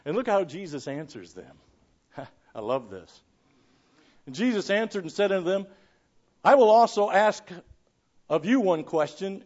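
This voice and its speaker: A man preaches a sermon in a high voice, reading old scripture aloud. He swings between ringing declarations and quiet asides, chuckling now and then. The recording sounds dull and lo-fi. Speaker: pastor.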